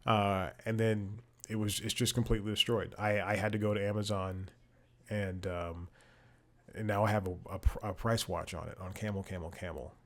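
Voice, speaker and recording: Rambling man, lowish voice. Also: steady tone, normal speed, fairly bright tone. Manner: rambling, frequent restarts and asides, frustrated. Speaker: podcast host. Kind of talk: casual chat.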